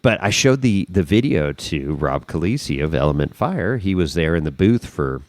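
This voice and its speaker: Animated deep-voiced man telling a story. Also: moderate pace, no room sound. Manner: animated, swears freely, acts out the scene. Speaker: podcast guest. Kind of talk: casual storytelling.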